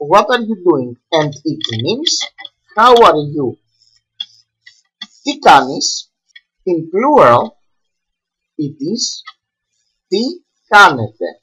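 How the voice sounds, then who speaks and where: Slow, halting man teaching at a board. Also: fairly high pitch, a bit bright, breathy edge, poor audio. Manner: slow, halting explanations with many fillers. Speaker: language teacher. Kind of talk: whiteboard language lesson.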